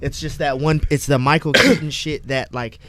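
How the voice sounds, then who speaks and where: A man's voice: fairly high pitch, fairly even intonation, moderate pace, very noisy. A man co-hosting a podcast, rambling and joking casually, with lots of filler words. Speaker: podcast co-host. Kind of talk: casual profane chat.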